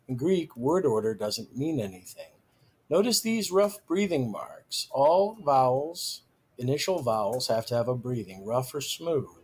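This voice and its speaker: A man teaching a recorded grammar lecture, slow and deliberate, stressing each key term. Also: mid-range voice, darkish tone, husky.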